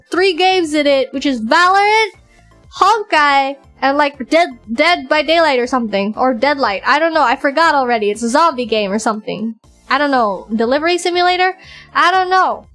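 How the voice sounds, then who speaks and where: A woman streamer chatting casually and excitedly, acting out her own side of conversations in a raised voice. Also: sits high, normal speed, faint music behind. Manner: excitable, animated, quoting others in a raised voice. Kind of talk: casual chat.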